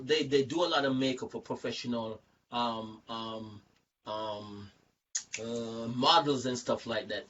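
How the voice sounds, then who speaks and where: Animated rambling man, distant dull audio. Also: mid-range voice, slight background noise. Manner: animated, rambling, repeats words, acts out voices. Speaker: show host. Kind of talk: casual storytelling in a group talk. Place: online video chat.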